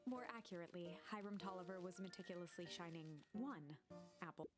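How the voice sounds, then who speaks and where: A woman narrating a video game in measured, wry, storybook-style scripted narration. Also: on the low side, faint music behind, natural voice.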